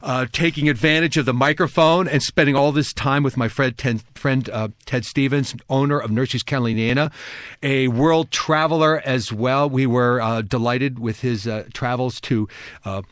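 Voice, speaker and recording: A man's voice: mid-range voice, fairly even intonation, moderate pace, fairly bright tone, no echo. A man from New Jersey who hosts a radio garden show, a horticulturist who chats with enthusiasm and talks at length in a studio. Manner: chatty, enthusiastic, talkative. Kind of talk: casual on-air chat. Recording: dry studio sound.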